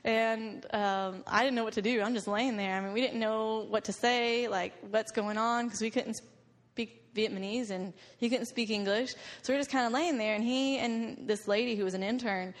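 A woman's voice: on the high side, fairly even intonation, moderate pace, few pauses. A young woman giving a slideshow talk to a group about a mission trip, telling stories and laughing often. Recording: long reverb of a hall.

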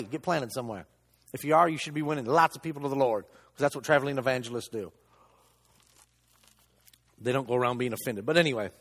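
Lay preacher, male, husky voice, swings his pitch a lot, long church reverb. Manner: animated storytelling, acts out quotes. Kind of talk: sermon.

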